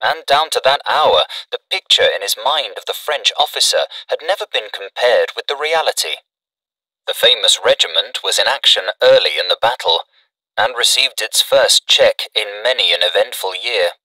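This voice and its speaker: Bright-voiced man narrating a classic story. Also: lowish voice, lively intonation, dry recording, distant mic, poor audio. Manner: measured, dramatic reading.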